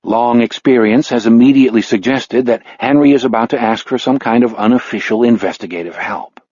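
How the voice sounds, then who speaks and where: A man narrating an audiobook in an even, steady storytelling manner, with a husky voice. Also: mid-range voice, fairly quick, no room sound, muffled recording. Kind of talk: scripted narration.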